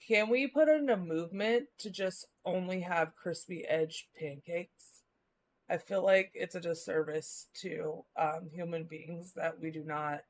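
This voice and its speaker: A woman from the Midwest, chatting casually with her live-stream viewers as she rambles along, using lots of filler words. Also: lowish voice. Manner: rambling, many filler likes.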